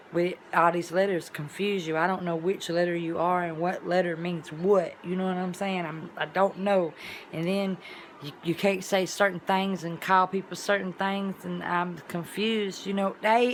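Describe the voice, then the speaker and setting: A woman vlogger telling a story in a casual, colloquial way, with sudden loud exclamations. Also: fairly low pitch, level tone, unhurried, slight background noise.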